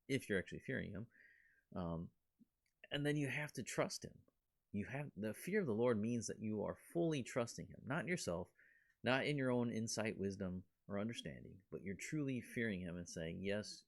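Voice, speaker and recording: A man teaching a casual Bible study, talking conversationally and breaking into quick voiced asides. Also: low voice, gravelly.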